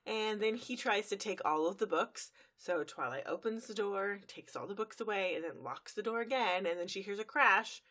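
A woman's voice: mid-range voice, lively intonation, moderate pace, hardly any pauses, fairly bright tone. A woman co-hosting a casual chat, narrating a cartoon episode's plot in long run-on sentences with fillers. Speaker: podcast co-host recapping an episode.

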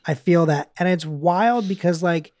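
A man's voice: high-pitched, unhurried, a little mellow. A man co-hosting a podcast, chatting casually about a TV episode, rambling with lots of fillers. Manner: rambling, many fillers, acts out quotes. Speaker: podcast co-host. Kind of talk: casual chat recapping a TV episode.

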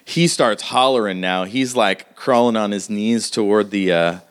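A man's voice: on the low side, measured pace, clean tone. A man narrating a tabletop game as game master, describing the action casually and vividly, with lots of fillers.

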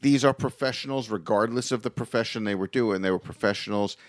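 A man's voice: lowish voice, fast talker, no echo, clean studio sound. A man co-hosting a podcast about couples in business, talking in playful, teasing banter. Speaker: podcast co-host. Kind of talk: casual chat. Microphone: podcast microphone.

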